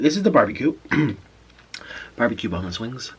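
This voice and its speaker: Animated young man telling stories while eating. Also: mid-range voice, a little hiss or hum. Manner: animated storyteller, pauses to eat and savour food. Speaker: mukbang vlogger. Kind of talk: casual storytelling while eating.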